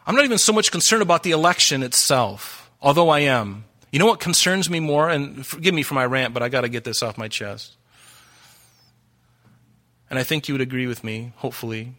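A man's voice: mid-range voice, a little fast, bright, forceful tone. A man preaching a sermon as pastor, earnest and urgent, asking the congregation many questions.

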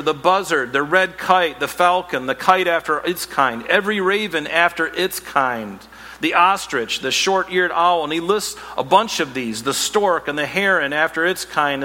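A male pastor preaching a sermon, animated, with playful asides and self-mocking humor. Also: fairly high pitch, moderate pace, big-room sound.

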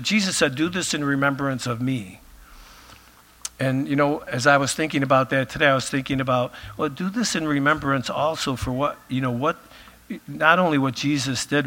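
Guy pastor preaching, bright voice, chatty and loose, kinda going hoarse. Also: medium pitch. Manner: conversational, many filler phrases. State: losing his voice. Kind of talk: sermon.

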